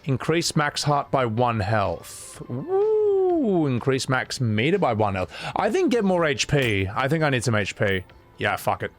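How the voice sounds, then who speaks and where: A young man streaming his first playthrough of a game, excitable, laughing and swearing as he reacts. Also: mid-range voice, unhurried. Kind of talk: gaming let's-play commentary. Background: faint game music.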